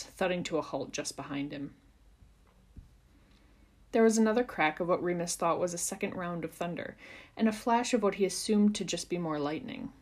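A woman reading a fan fiction chapter aloud for a podcast in a measured, expressive storytelling manner. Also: on the low side. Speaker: podcast reader.

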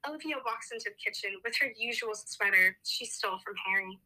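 A woman's voice: mid-range voice, fairly quick, bright, forceful tone, rough recording. A young woman reading fan fiction aloud with sarcastic, giggly commentary in a casual chat. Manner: giggly, sarcastic, breaks into laughter.

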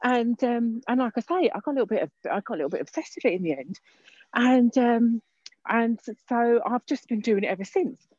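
A woman's voice: on the high side, lively intonation, a little fast, darkish tone, slightly rough, no echo. A woman guest talking casually on a walk outdoors, hesitant with many fillers. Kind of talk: casual interview. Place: outdoor park. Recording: dull lo-fi recording.

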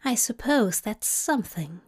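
A fussy, courteous bookish gentleman, as a woman reads him aloud speaks in polite, old-fashioned phrases. His voice sits a little high and moves slowly, in the manner of a read-aloud storybook. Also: lively intonation, slightly rough. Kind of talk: fanfic audiobook reading.

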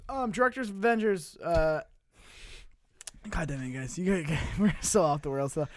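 A man's voice: fairly high pitch, normal speed, no room sound. A man hosting a casual podcast, swearing freely and laughing often as he riffs with friends. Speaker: podcast host.

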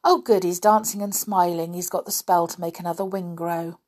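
A woman's voice: fairly low pitch, fairly even intonation, normal speed, a little mellow, natural voice. A woman voicing a cheerful, confident young boy in a children's storybook.

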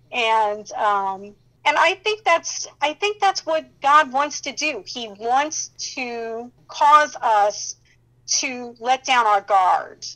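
Woman with a higher voice, casual storyteller sharing her faith, animated and given to laughter. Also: rough recording. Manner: animated storyteller who laughs often and acts out dialogue. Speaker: Christian counselor sharing her testimony.

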